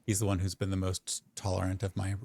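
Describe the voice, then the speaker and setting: A man's voice: deep voice, completely flat delivery, fast, a little mellow, no echo, clean studio sound. A man playing in a tabletop game, chatting casually and making self-mocking jokes. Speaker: player.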